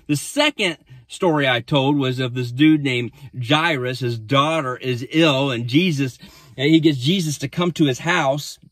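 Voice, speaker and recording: A man's voice: a little high, a bit bright, no room sound. A man, a pastor, recapping a sermon in a casual storytelling way with frequent restarts.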